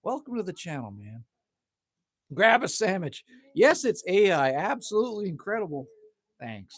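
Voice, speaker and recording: Hosting a relaxed evening livestream from outside his cabin, a man from Manitoba, Canada reads and responds to viewer comments, teasing himself, using light swears, and saying "man" frequently. He speaks at a normal speed in a high-pitched, very animated, slightly rough voice, with no echo.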